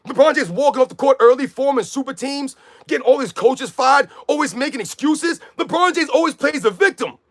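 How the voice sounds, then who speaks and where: Loud ranting high-voiced man. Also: lively intonation, fairly quick. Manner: loud, combative, repetitive rant; talks to chat viewers by name. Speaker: sports live streamer. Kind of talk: ranting live stream commentary.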